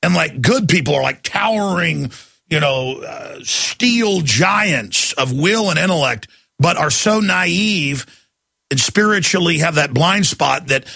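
A man's voice: fairly high pitch, gravelly, sharp tone, slightly rough, no room sound, clean studio sound. A man hosting a talk radio show, ranting in a mocking, grotesque way and laughing often. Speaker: radio host taking calls.

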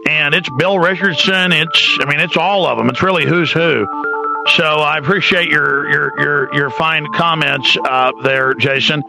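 A man hosting a call-in radio talk show, brisk and emphatic, at times sarcastic. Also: fairly high pitch, steady tone, creaky, over music, low-quality recording.

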